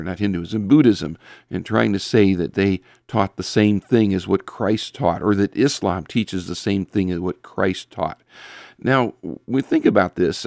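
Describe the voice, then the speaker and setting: A man preaching a sermon in an earnest way, quoting scripture and often pausing with fillers and restarts. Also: low-pitched, darkish tone, dry recording, clean studio sound.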